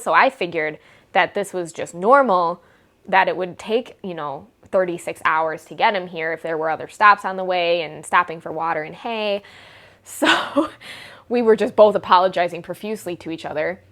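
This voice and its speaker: A woman's voice: on the low side, moderate pace, fairly bright tone. A young woman vlogging a casual storytime, rambling and exasperated, with wry sarcasm.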